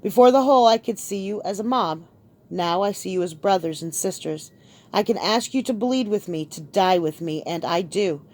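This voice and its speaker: A woman's voice: fairly low pitch, moderate pace, a little mellow, lightly acted. A woman narrator voicing a resolute young king giving a rousing speech to his people. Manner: rousing, speech-making delivery.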